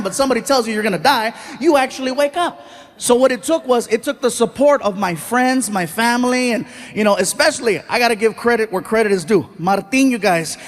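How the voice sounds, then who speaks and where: A man telling stand-up stories in an animated way, acting out the people in them, on stage at a live show. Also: very high voice, long reverb tail. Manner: animated, acts out voices, jokes at his own expense. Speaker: stand-up comedian. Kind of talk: stand-up storytelling.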